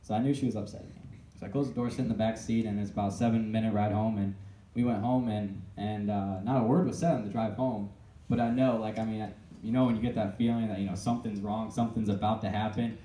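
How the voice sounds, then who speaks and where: A young man tells his own story to a live audience, halting often and starting his sentences over. His voice is low and very dark. It sounds distant, as if recorded from across a reverberant room. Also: steady tone. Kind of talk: personal testimony to a live audience. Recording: echoey room, voice picked up from a distance.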